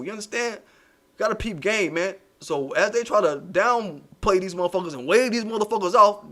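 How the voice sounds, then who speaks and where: A man hosting a casual commentary stream, ranting in profane, animated street slang. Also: high-pitched. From United States. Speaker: channel host.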